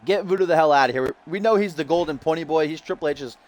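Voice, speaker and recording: Excitable man calling a wrestling match. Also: on the high side, fast. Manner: excitable, shouts at big moments. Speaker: play-by-play commentator. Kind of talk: wrestling game commentary.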